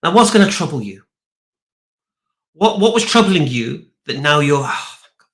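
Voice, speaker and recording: A man's voice: fairly high pitch, normal speed. Argumentative man. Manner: animated, argumentative. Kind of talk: debate argument with comic storytelling.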